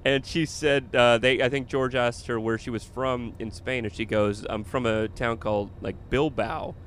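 A man's voice: medium pitch, fairly even intonation, moderate pace, a bit bright, a little hiss or hum. A man, a comedian, telling a funny story in casual chat and laughing along as he goes. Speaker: comedian and podcast host.

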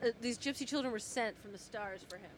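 A woman chatting casually, animated and drifting into tangents. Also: on the high side, quick pace, background noise. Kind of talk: casual podcast chat.

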